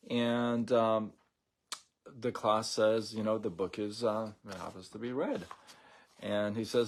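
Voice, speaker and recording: A man hosting a casual live stream, talking in a relaxed, rambling way with many fillers and restarts. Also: lowish voice, takes it slowly.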